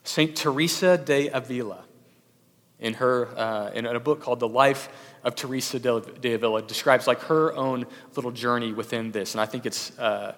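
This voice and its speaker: A man's voice: medium pitch, moderate pace, a bit bright. A young adult man preaching a sermon as a pastor, conversational, with many fillers and restarts. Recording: long hall reverb.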